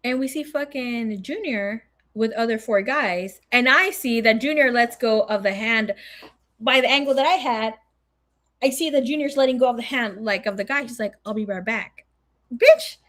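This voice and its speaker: Young socal woman spilling a story, cussing nonstop, voice sits kinda high. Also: moderate pace. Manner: animated, swears a lot, acts out quotes. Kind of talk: casual storytelling.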